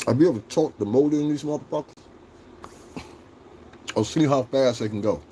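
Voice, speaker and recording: A man livestreaming casual chat with his viewers, joking, swearing and laughing often as he rambles and acts out quick bits. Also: medium pitch, dark tone, a little hiss or hum. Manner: talks straight to chat, rambling with restarts.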